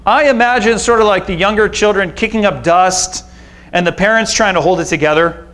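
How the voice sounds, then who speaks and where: Guy pastor with a pretty high voice, chatty sermon, jokes about himself. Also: a little fast, a bit bright. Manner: casual, conversational preaching with self-deprecating humor.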